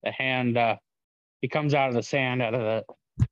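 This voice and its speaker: An excitable man jumps into a loose podcast chat with jokes and wrestling memories. His mic sounds dull and lo-fi, with a dry, close feel. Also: medium pitch, moderate pace, no room sound. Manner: excitable, joking, interjects often. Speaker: podcast co-host.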